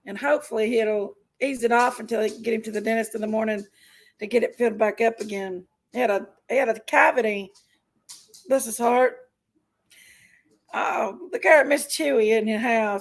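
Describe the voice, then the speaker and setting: A woman's voice: fairly high pitch, measured pace, creaky, long pauses, low-quality recording. A woman hosting a casual livestream, chatty and folksy, greeting viewers by name while feeling unwell with an upset stomach. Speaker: livestream host.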